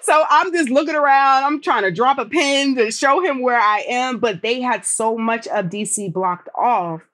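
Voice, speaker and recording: A woman guest in a casual interview, telling a personal story in an animated way and acting out what people said. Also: on the high side, normal speed. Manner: animated storytelling, acting out her own dialogue.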